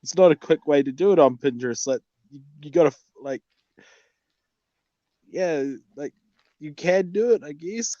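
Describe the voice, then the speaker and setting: A man's voice: a little high, moderate pace, long pauses, warm tone, dry recording. A man with a mid-range voice chats on a livestream, dropping short, dry and blunt remarks. His audio is close and dry, with a dull, muffled tone. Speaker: livestream co-host. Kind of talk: casual chat.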